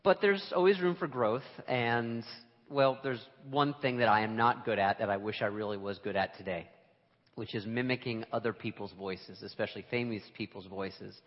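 A man preaching a sermon to a congregation in a relaxed, conversational and self-deprecating way, with emphatic moments. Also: fairly low pitch, normal speed, big-room sound, highs cut off. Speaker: pastor. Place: church sanctuary.

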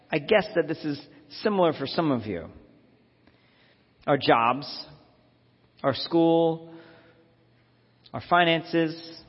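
A man giving a sermon as a minister, reflective and repeating phrases for emphasis. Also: fairly high pitch. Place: church sanctuary. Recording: dull lo-fi audio in a reverberant sanctuary.

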